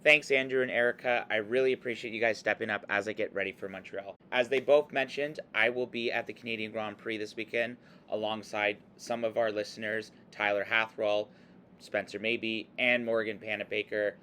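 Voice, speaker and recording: A man's voice: fairly low pitch, fairly even intonation, fairly quick, pushed and bright, slight background noise. A man co-hosting a podcast, giving a friendly, enthusiastic recorded message. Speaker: podcast co-host. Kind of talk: recorded announcement.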